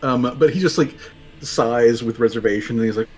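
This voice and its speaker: A man's voice: medium pitch, fairly quick, darkish tone. A man running a tabletop game as game master, narrating in a rambling, casual way. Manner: rambling, full of fillers and laughs.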